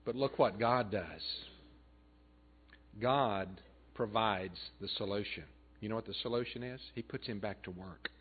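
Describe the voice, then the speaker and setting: Slow, earnest preacher on a tinny line. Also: male voice, fairly low pitch, breathy edge. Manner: earnest preaching that swells loud then drops soft. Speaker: pastor. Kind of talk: sermon. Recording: tinny phone-like band.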